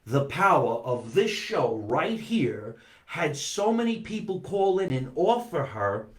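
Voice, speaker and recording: A man's voice: fairly high pitch, sing-song, takes it slowly, echoey room. A man, a comedian, hosting a casual live stream, chatting animatedly and reading out viewer comments. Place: home basement.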